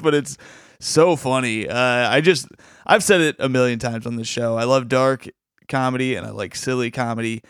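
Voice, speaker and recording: A man's voice: mid-range voice, fairly quick, fairly bright tone, clean tone, no room sound, clean studio sound. A man hosting a casual podcast chat, talking enthusiastically and rambling with restarts. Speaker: podcast host.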